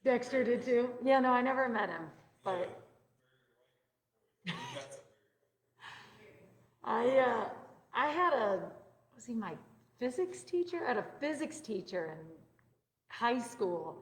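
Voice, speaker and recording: A fairly high-voiced woman chats casually as she opens a mindfulness session, then guides breathing and stretches in a soft, slow voice. The sound is roomy, with a long reverb trailing each phrase. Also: expressive. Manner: chatty and upbeat, turning soft and slow when guiding breaths. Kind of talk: casual chat and guided meditation. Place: indoor room with a live group present, also streamed online. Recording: echoey room with long reverb.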